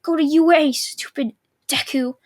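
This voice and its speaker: A brash, hot-headed teenage boy, put on by a young woman narrating in a fan-made anime story, barking taunts and insults in a high, forceful voice. He sounds quick to anger and loud. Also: steady tone. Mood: angry taunting. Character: hot-tempered teenage boy, shouting rival.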